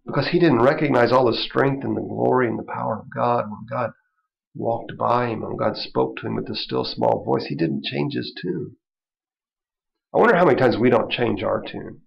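A man's voice: mid-range voice, moderate pace, gravelly. A man, a minister, teaching an informal Bible study in a conversational way, with frequent asides and chuckles. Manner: conversational, chuckling, lots of "you know". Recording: dull lo-fi recording.

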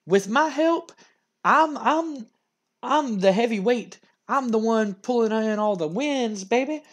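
Casting: a man doing a cocky, flamboyant hippie wrestler, high and sing-song, stretching words out. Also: animated, fairly bright tone, full character voice. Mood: reassuring. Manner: drawn-out, crooning "baby" at line ends. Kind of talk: game narration role-play.

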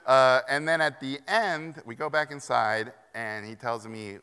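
A man's voice: mid-range voice, a little slow, hardly any pauses, clear, resonant tone. A middle-aged man from Mexico giving a self-deprecating conference keynote, telling stories and acting out the voices of people in them. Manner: animated, self-deprecating, acts out quoted voices. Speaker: keynote speaker. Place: conference hall. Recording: long reverb of a large hall.

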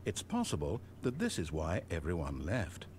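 A man's voice: deep voice, huge pitch swings, normal speed, darkish tone, a little hiss or hum. A man voicing a dry, wry omniscient narrator in a game, with mock-solemn, sardonic scripted narration. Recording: game audio with music behind. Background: game music.

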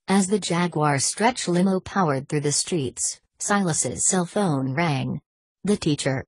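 A woman narrating a thriller audiobook in a steady, even reading voice. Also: low voice, breathy edge, dry recording.

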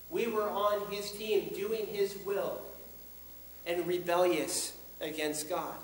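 A man teaching the Bible as a preacher, speaking earnestly and emphatically, slowing down on key lines. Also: high-pitched, fairly bright tone, echoey room, rough recording.

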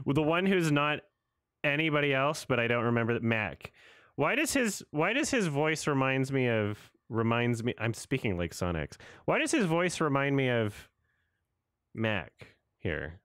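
A man's voice: mid-range voice, very animated, measured pace, fairly bright tone, smooth, dry recording, studio quality. A man in his thirties doing casual, sarcastic reaction commentary on a trailer, laughing and swearing as he goes.

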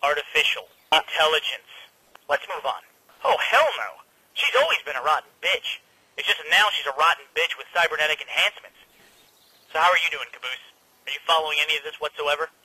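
Church, a sarcastic soldier. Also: male voice, on the high side, expressive, brisk, sharp tone, husky, exaggerated voice, low-quality recording. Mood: exasperated sarcastic. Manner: sarcastic, exasperated, snapping at teammates. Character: grumpy sarcastic male soldier, short-tempered. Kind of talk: animated comedy series dialogue.

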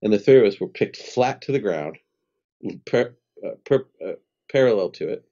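A very low-voiced man in his fifties with a mellow, dark tone tells his story as a guest on an interview podcast. He is animated and conversational, slipping into the voices of the people in his anecdote. The audio is slightly dull and lo-fi. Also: moderate pace. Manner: animated storyteller who acts out dialogue and laughs often. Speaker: guest, spiritual healer.

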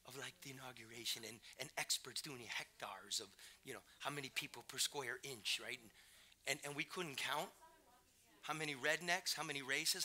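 A middle-aged male author reading from his book on stage with a brash, profane, rapid-fire storytelling manner. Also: mid-range voice, sharp tone. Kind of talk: live reading and talk. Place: festival stage before an audience.

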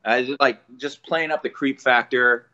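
A man's voice: medium pitch, normal speed, highs cut off. A man, a voice actor guest, talking enthusiastically in a casual podcast interview. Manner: enthusiastic, animated storyteller.

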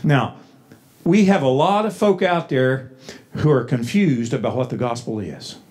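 An American man preaching a sermon from the pulpit, folksy, with frequent restarts and loud, emphatic passages. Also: mid-range voice, measured pace. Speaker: pastor. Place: church sanctuary.

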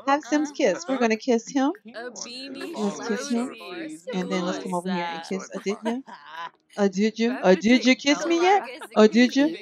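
A woman's voice: on the high side, expressive, normal speed, a crowd in the background. Young woman casually chatting thru a sims let's play, laughs a lot, does goofy voices for her characters. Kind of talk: casual gameplay commentary.

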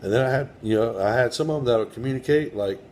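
A man's voice: medium pitch, fast, darkish tone, slight background noise. A man in his own house running a spirit box session, speaking casually with blunt, profane defiance and talking back to whatever he hears. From United States. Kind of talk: casual talk to camera and to spirits.

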